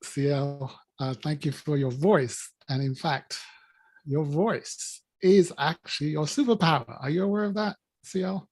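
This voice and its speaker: A man speaking as a guest business coach on a video call. He gives a playful, emphatic motivational talk and laughs between his drawn-out catchphrases. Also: fairly high pitch.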